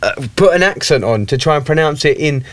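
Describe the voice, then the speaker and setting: A man chats casually as a podcast co-host. His voice sits somewhat high, and he tells stories with a joking, teasing manner. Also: lively intonation, a little fast. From inner London. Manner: joking, storytelling, does impressions. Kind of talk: casual chat.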